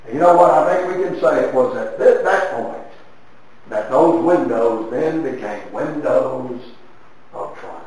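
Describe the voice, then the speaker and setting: A man's voice: expressive, unhurried. Male preacher, dramatic sermon delivery, distant mic, heavy hall echo. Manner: dramatic storytelling with sweeping swings of pitch and loudness. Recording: very echoey hall from far off.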